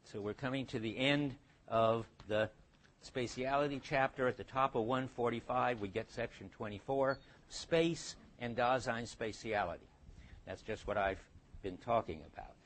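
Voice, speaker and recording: Older male professor, lecture hall, halting delivery full of restarts. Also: mid-range voice. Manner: halting, restarts and thinks aloud. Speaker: philosophy lecturer. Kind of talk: university lecture.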